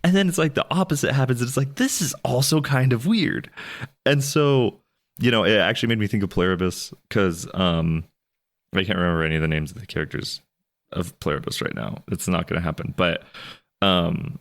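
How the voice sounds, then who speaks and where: A man co-hosting a podcast, chatting casually about a movie, rambling and restarting with sudden animated jumps in pitch. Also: a little fast. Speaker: podcast co-host. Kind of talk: casual movie review chat.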